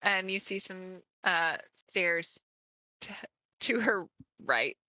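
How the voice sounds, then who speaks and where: A woman's voice: fairly low pitch, expressive, takes it slowly, bright, forceful tone, no room sound. A woman narrating as game master in a tabletop game, laughing often, with slightly muffled, dry stream audio.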